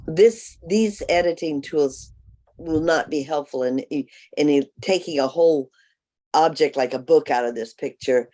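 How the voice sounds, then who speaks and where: A man taking part in an online class, asking a question in a halting, hesitant way. His voice sits a little high for a man. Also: darkish tone. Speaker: class participant.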